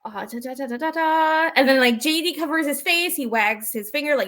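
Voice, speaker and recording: A woman's voice: high-pitched, fairly quick, hardly any pauses, fairly bright tone. A woman co-hosting a casual recap chat, retelling scenes with animation and acting out the lines. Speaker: podcast co-host.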